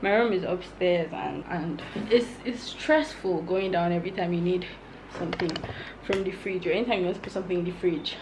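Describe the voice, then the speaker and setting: A woman's voice: on the low side, a little fast, background noise. A young Nigerian woman in her twenties chatting casually to her viewers in a home vlog, frank and laughing often. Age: 20s. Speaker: vlogger. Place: her room at home, indoors.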